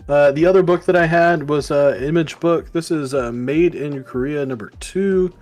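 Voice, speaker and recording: A man's voice: fairly high pitch, moderate pace, a little mellow, faint music behind. A man co-hosting a casual comic book review show, rambling with lots of fillers. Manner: rambling, many fillers, acts out quoted lines. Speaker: podcast co-host.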